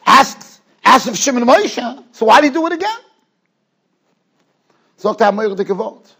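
A man, a rabbi, giving an animated Torah lecture in a yeshiva study hall, telling stories with quick asides. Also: very high voice.

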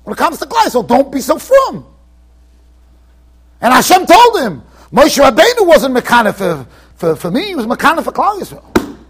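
A rabbi teaching a Torah class in a yeshiva, animated and emphatic, acting out the people he quotes with sudden loud bursts and quiet asides. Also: very high voice, brisk, breathy edge. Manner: swings between emphatic and quiet, trailing-off asides. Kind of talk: Torah lecture to students. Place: yeshiva study hall.

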